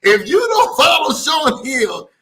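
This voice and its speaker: Male host: high pitch, very bright, excitable and slangy. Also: slow. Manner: hyped, slangy, hypes up the guest. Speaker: show host. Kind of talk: casual interview chat.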